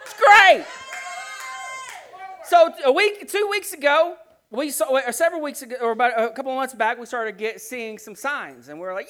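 A man preaching through a long personal story, animated and rambling, often restarting his sentences. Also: very high voice, normal speed. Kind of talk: storytelling sermon.

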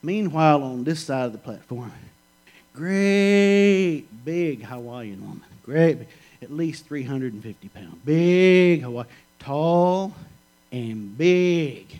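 A middle-aged male preacher with a somewhat high voice. He delivers his sermon in a folksy, joking storytelling manner. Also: lively intonation, takes it slowly, a little mellow, soft background music, rough recording.

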